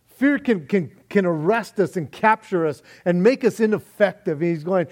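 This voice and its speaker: A male pastor preaching a sermon in a lively, animated way, acting out quoted speech and often saying "man". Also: sits high, normal speed.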